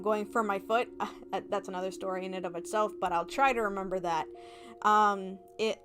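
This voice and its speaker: A woman's voice: mid-range voice, fairly bright tone. A young woman chatting casually on a livestream, bubbly and giggly, acting out little reactions. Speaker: vtuber streamer.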